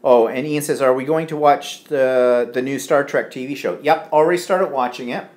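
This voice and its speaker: A man's voice: medium pitch, moderate pace, darkish tone. A man co-hosting a live home stream, chatting casually and reading out viewer comments with lots of fillers. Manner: rambling, chatty, filler-heavy. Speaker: co-host of a live stream show. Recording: echoey room.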